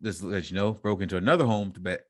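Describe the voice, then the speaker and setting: A low-voiced man co-hosting a relaxed podcast reads news stories aloud, then riffs on them and laughs between lines. He talks rapid-fire, and the recording is close and dry with no room around it.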